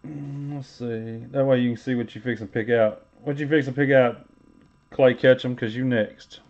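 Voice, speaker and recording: A man's voice: medium pitch, steady tone, moderate pace, darkish tone, dull audio. A man hosting a live card-opening stream, calling out card names and teasing viewers with joking banter. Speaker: live card-break host. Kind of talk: casual livestream commentary.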